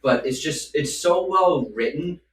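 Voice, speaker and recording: A man's voice: on the high side, lively intonation, unhurried, fairly bright tone. A man in his thirties on a podcast, talking casually and playfully. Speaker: podcast host. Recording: echoey room, distant mic, faint noise.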